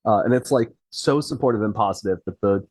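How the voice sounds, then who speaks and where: A man's voice: on the low side, a little fast, a little mellow, breathy edge, dry recording, low-quality recording. A man who writes fiction, a guest on a podcast, talking in a rambling way with many fillers. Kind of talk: casual interview chat.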